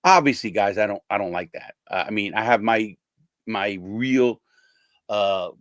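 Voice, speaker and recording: A blunt older man hosting his own channel, speaking in a fairly low voice. He talks casually and swears freely, acting out the people in his stories. The sound is dry and close, with no room echo. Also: a little slow. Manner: blunt, conversational, swears, acts out quoted people. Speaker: host, former prisoner. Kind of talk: casual monologue to viewers.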